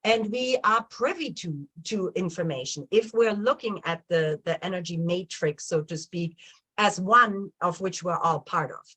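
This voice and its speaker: A woman hosting a casual spiritual talk show, chatty and animated, with many fillers and restarts. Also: fairly low pitch, a little slow, breathy edge, poor audio. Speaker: host of a spiritual chat show.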